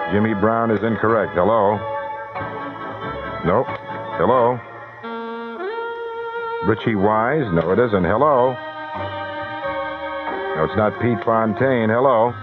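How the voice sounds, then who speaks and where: A man runs a radio call-in contest, fielding caller after caller with brisk, wisecracking patter. His voice sits on the low side. The sound is thin and narrowband like an old radio broadcast, with music playing clearly beneath him. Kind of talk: live radio call-in banter.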